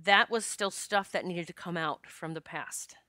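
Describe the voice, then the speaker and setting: Female podcast host, candid storyteller, bright crisp voice, dry close sound, curses freely. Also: fairly low pitch, measured pace, dry recording. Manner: frank and animated, swears and laughs often.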